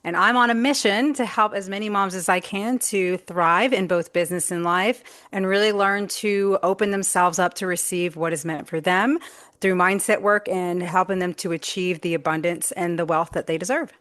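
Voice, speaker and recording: Woman guest, low voice, dry close mic, earnest chat. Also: steady tone, normal speed, fairly bright tone, no room sound. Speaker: guest life coach. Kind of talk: casual panel chat.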